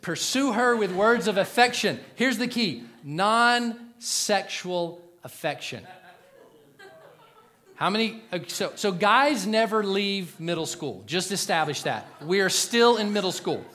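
A middle-aged man preaching a sermon to a congregation in a joking, animated way, swinging from loud punchlines to quiet, earnest asides. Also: sits high, unhurried. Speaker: pastor.

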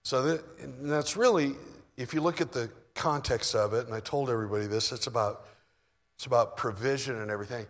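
A man preaching a sermon in a relaxed, conversational way, moving between soft asides and loud bursts. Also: medium pitch, a little fast, long reverb tail. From United States. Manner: conversational, shifts from soft asides to mock shouting.

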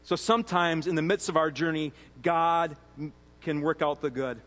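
A man's voice: a little high, moderate pace, fairly bright tone. A man giving a sermon as a pastor, earnest and conversational, often restarting phrases. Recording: long hall reverb.

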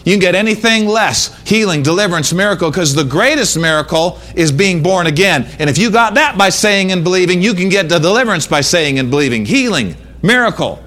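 A man preaching a sermon in church, emphatic and repetitive, now and then breaking into shouts. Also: sits high, expressive, brisk, hardly any pauses. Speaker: pastor. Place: church sanctuary.

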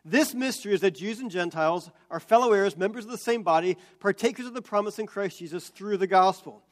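A man preaching a sermon as pastor, explaining scripture and building to loud, emphatic peaks. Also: sits high, fairly quick.

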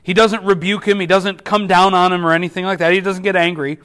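A man's voice: sits high, flat delivery, fast talker. A man preaching a sermon as a pastor, earnest, often repeating words as he restarts. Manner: earnest, repeats words at restarts, drops softly for quoted whispers.

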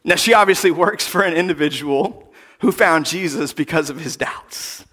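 A man preaching a sermon as a pastor. He talks in an animated way, acts out the voices he quotes and drops to near-whispers for emphasis. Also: on the high side, normal speed.

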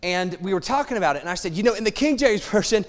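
Animated male pastor preaching in reverb. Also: high-pitched, fast. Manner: animated storytelling, acts out quoted exchanges. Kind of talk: sermon. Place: church sanctuary. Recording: long hall reverb.

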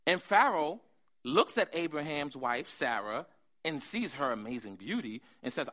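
A man preaching a sermon, animated, swinging from hushed asides to loud emphasis. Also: on the high side, unhurried. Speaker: pastor.

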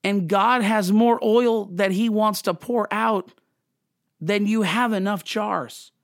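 Man, fairly high voice, dry close sound, fervent, emotional podcast devotional. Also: fairly even intonation, takes it slowly, no echo. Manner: fervent and emotional, restarts and apologizes. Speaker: podcast host.

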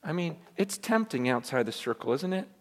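A man's voice: fairly high pitch, a little fast. Self-deprecating male pastor in echoing church. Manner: self-deprecating, animated, repeats words. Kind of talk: sermon with a joke. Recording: long church reverb.

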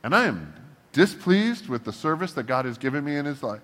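A man preaching a casual, humorous sermon as a pastor, acting out blunt prayers to God in a lively voice. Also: on the high side, fairly quick. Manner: animated, humorous, acts out prayers to God in a shifting voice. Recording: long reverb of a large hall.

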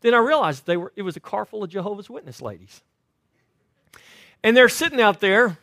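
Man, pastor, sermon, high voice, very expressive pitch, loud-to-hushed storytelling. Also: brisk, no echo, studio quality. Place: church sanctuary.

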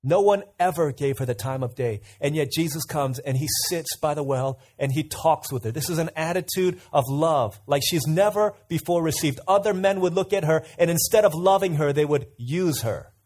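A man's voice: on the high side, moderate pace, few pauses, a little mellow. Conversational man preaching a sermon. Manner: conversational, asks the audience questions, tells anecdotes.

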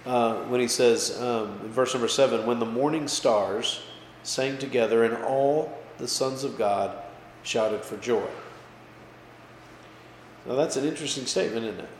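Man, pastor, casual Bible study teaching, checks in with listeners, emphatic, mid pitch, echoey hall, long reverb. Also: a little slow. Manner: casual, checks in with listeners with frequent "okay?" and "right?"; lively, pushes his voice up for emphasis. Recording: echoey hall with faint background noise.

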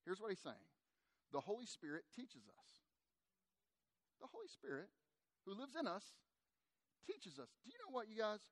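With a voice pitched noticeably high for a man, a middle-aged pastor gives a sermon that's conversational yet animated, speaking directly to the congregation. He keeps a normal speed but leaves long pauses. The audio is close and dry, free of any room sound.

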